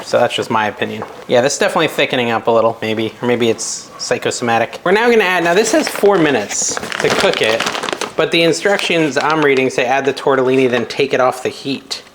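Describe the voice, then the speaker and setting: A man's voice: medium pitch, background noise. A young man hosting a casual cooking vlog in his home kitchen, chatty and self-deprecating as he thinks aloud while he cooks. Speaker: cooking video host.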